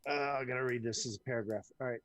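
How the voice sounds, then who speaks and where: A man's voice: medium pitch, rapid-fire, poor audio. A man running a tabletop game as game master, joking with his players between calls on the action. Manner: lively, joking banter with players.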